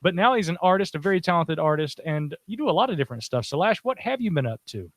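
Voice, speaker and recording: A man's voice: on the high side, expressive, fast, dry recording. A man hosting a casual podcast chat, joking and telling stories with lots of fillers. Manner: jokey, storytelling with many fillers. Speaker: podcast host.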